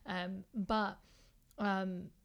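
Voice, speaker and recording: A woman's voice: mid-range voice, little pitch movement, drawn-out words. A young woman from England chatting casually and bluntly as a podcast co-host, swearing now and then.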